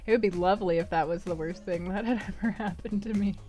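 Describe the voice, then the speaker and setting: A woman streamer with a medium-pitched, slightly mellow voice chats briskly as she games, with soft music in the background. She rambles casually and laughs often.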